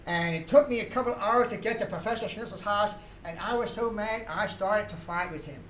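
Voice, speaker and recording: A man's voice: high-pitched, fairly bright tone, a little hiss or hum. A man telling a folksy comic story with punchlines, recorded in a radio studio. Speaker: folk musician and comic storyteller. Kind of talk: comic stage monologue. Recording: roomy studio echo.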